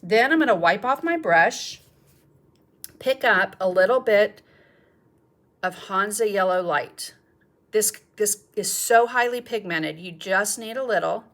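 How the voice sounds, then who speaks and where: A woman's voice: mid-range voice, expressive, measured pace, fairly bright tone. A middle-aged woman, teaching a live painting demonstration in a chatty, encouraging way and thinking aloud as she paints. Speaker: art teacher.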